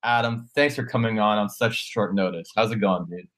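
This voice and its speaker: A man's voice: on the low side, moderate pace, a bit bright. A Canadian man hosting a sports podcast, chatting casually and joking with his co-hosts, sometimes stumbling over his words. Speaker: podcast host.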